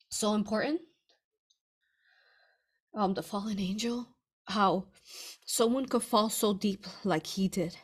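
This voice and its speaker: An author with a mid-range voice answers reader questions on a casual livestream. She is effusive and rambling, full of fillers and restarts.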